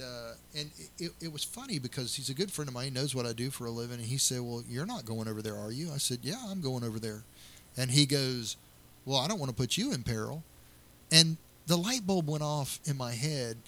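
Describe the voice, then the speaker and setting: A man's voice: mid-range voice, fairly bright tone. A middle-aged man, a county sheriff, answering interview questions earnestly and telling stories with many restarts.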